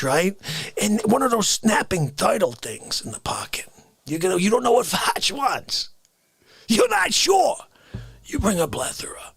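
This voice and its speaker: A man playing an indignant, easily offended Bronx man in an improvised comedy rant, lurching between shouts and whispers. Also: high voice, gravelly, husky, heavily acted.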